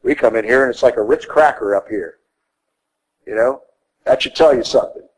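A man preaching a sermon, emphatic and rhetorical, pushing his voice up high to stress key words. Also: fairly quick, slightly rough, rough recording. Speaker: priest.

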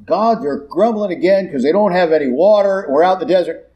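A preacher doing a cranky, weary prophet. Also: male voice, high voice, animated, brisk, dark tone, voice pushed up. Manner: complaining, weary. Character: cranky, worn-out male prophet leader.

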